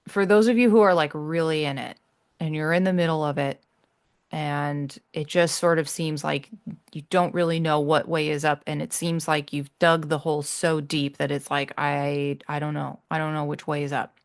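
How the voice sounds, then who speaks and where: A woman hosting her own podcast, talking earnestly and reassuringly to listeners, often halting and restarting. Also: deep voice, fairly even intonation. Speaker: podcast host. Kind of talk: heartfelt solo podcast talk.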